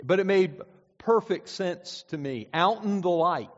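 A man's voice: high-pitched, expressive, measured pace. A man from central Pennsylvania preaching a sermon, telling folksy stories with frequent restarts and "uh"s. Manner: folksy storytelling with many restarts and "uh"s. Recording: dull sound with long hall reverb.

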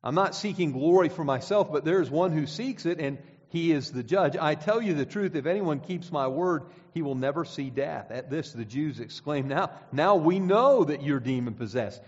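A man with a fairly high voice preaches, reading verses aloud and driving home each point. His words ring out with a long reverb, as in a church sanctuary. The recording sounds slightly dull. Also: normal speed, hardly any pauses, a little mellow. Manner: emphatic, rising and falling, reads scripture aloud. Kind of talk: sermon with scripture reading.

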